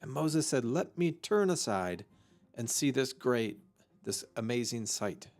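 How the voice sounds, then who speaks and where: Slow, halting man teaching vocabulary. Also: mid-range voice, lively intonation, a little mellow, soft background music. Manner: slow and halting, thinking aloud with many fillers. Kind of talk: unscripted vocabulary lesson.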